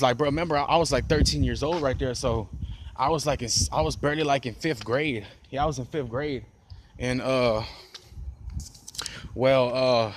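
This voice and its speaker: A man tells a street story in a loose, rambling way, piling on profane slang and starting sentences over. His voice sits in an ordinary middle pitch. It is caught on a phone outdoors, with a faint wash of ambience behind him. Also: slight background noise. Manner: rambling, profane slang with frequent restarts and "bro". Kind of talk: casual storytime monologue.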